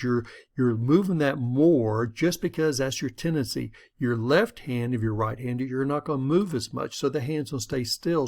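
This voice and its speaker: A middle-aged man giving a conversational, step-by-step lesson on public speaking. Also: mid-range voice. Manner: folksy, conversational, explains step by step. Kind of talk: instructional talk to camera.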